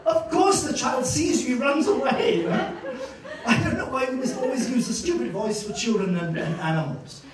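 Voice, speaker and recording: A man giving a master-class lecture to students, an animated storyteller who acts out scenes and laughs often. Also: very high-pitched, moderate pace, a crowd in the background. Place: university lecture room. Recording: echoey hall, distant mic.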